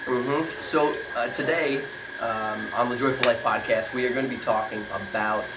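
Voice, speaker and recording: Upbeat podcast host in a busy coffee shop. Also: male voice, medium pitch, steady tone, normal speed. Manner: upbeat, rambling with many fillers. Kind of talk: casual podcast conversation. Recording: echoey coffee shop with loud background noise. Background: coffee shop chatter.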